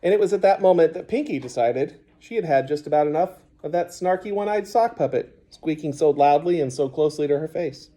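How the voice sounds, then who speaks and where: A man narrating a children's audiobook in a measured storytelling manner. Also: a little high, dark tone.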